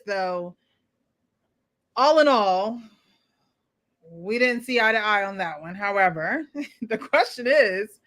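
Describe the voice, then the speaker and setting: A woman's voice: fairly high pitch, fairly bright tone. Lady hosting a panel chat, teasing, laughs a lot. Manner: playful, teasing, laughs often. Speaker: host.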